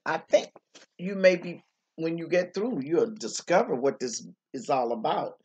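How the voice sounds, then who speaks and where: A woman's voice: low-pitched, measured pace, a little mellow. A woman teacher reading a picture book aloud to young children, stopping often to exclaim and to ask them questions.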